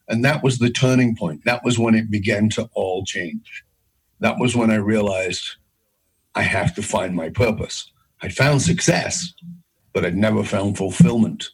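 Brief: middle-aged man, husky voice, intense emphatic storyteller. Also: moderate pace, rough recording. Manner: intense, emphatic storytelling with big pitch swings. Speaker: guest, leadership speaker. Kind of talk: storytelling interview.

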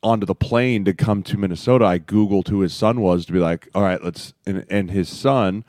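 A man's voice: low-pitched, normal speed, darkish tone, no room sound, studio quality. A man co-hosting a podcast, telling a self-mocking story and rambling with lots of fillers. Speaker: podcast co-host, former football player. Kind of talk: casual storytelling chat.

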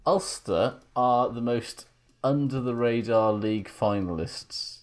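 A man's voice: mid-range voice, slow pace. A man co-hosting a podcast, talking in a wry, rambling way and laughing often. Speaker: podcast co-host. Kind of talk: casual banter.

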